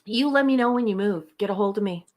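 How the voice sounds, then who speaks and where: A woman's voice: medium pitch, fast talker. A woman from western Canada co-hosting a live fan show, chatting playfully and affectionately with viewers and reading their messages aloud. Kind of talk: casual live-stream chat.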